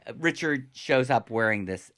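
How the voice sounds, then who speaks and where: A man co-hosting a podcast, talking in a relaxed conversational way with casual asides. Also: mid-range voice, moderate pace, dry recording. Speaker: podcast co-host. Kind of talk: casual recap chat.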